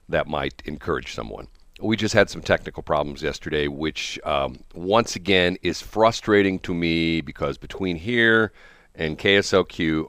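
A man's voice: low voice, a bit bright, dry recording, clean studio sound. An older man hosting a radio morning show, telling rambling stories and chuckling often. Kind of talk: casual on-air chat. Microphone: studio broadcast mic.

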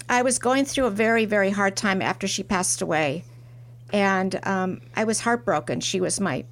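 A middle-aged woman being interviewed, telling her story in a reflective way and restarting her sentences softly. She is a porcelain artist guesting on a talk show. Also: mid-range voice. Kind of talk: interview conversation.

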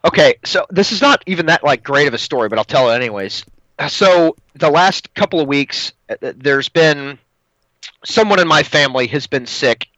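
A man's voice: a little high, normal speed, dry recording, dull audio. A man in his thirties co-hosting a podcast, telling a story in casual chat and acting out the voices he quotes. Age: 30s. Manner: animated, acts out quoted voices, laughs often. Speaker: podcast co-host.

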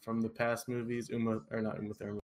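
A man's voice: fairly low pitch, completely flat delivery, fast. A man co-hosting a casual movie review podcast, talking through scenes and fan theories in an easy, chatty way. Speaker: podcast co-host.

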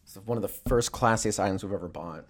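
A man's voice: on the low side, fast talker. A man ranting casually and comedically, rambling and swearing as he tells stories. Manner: rambling, profane, animated storytelling.

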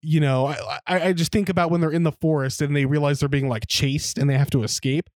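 A man's voice: a little high, fairly even intonation, quick pace, darkish tone, no echo, clean studio sound. Rambling, profane young man. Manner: rambling, profane, laughs while telling stories. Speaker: podcast co-host. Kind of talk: casual chat.

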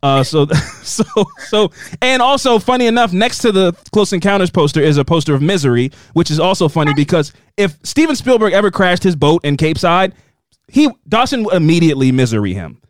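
A man co-hosting a podcast, chatting casually and joking as he recaps a TV episode with quick asides. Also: high-pitched, big pitch swings. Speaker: podcast co-host recapping a TV series. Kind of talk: casual chat.

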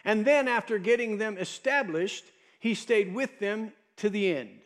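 A man's voice: high voice, measured pace. A male pastor preaching a sermon, emphatic and repeating words for stress.

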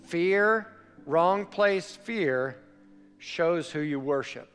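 A male pastor preaching a sermon, telling a story with animated shifts between loud and quiet. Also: a little high, extremely slow. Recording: long hall reverb, faint music.

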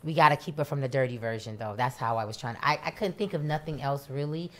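A woman from Miami talks through her early career in a relaxed interview, animated and storytelling. Her voice sits low in her range. She slips into other people's voices when she quotes them. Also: fast talker. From Miami, USA. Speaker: rapper, interview guest. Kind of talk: casual interview.

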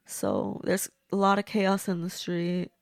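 Gravelly lady doing a casual movie reaction, blunt and gushy, dry close sound. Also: on the low side, very animated, unhurried, dry recording. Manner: gushing, blunt, talks back to the screen. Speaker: movie reviewer.

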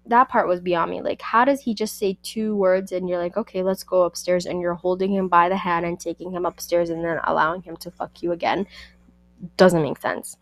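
A woman hosting a book review podcast in a sassy, animated, casual way, talking back to the characters. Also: mid-range voice, dry recording.

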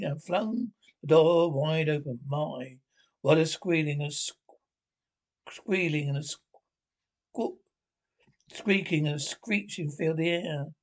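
A man's voice: on the high side, takes it slowly, pauses often, rough recording. A man reading a classic children's story aloud, with frequent slips and restarts. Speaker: reader.

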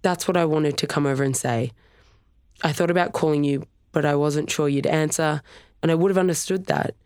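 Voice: mid-range voice, steady tone, fairly quick, darkish tone, clean tone, no echo, clean studio sound, close to an everyday voice. A narrator voicing an earnest, pleading young man. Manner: earnest, murmuring.

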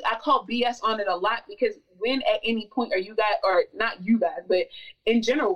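A woman's voice: medium pitch, distant mic, poor audio. A woman speaking as a podcast guest, talking passionately and emphatically, repeating words for stress. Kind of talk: casual podcast conversation.

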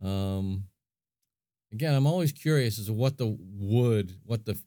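Here a man on a podcast speaks at a measured pace in a fairly low, dark-toned voice. As co-host, he chats casually and thinks aloud, filling pauses often. It's studio quality with no room sound.

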